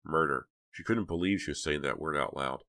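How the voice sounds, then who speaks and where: A man narrating an audiobook in an even, measured reading. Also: very deep voice, dry recording. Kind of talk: scripted narration.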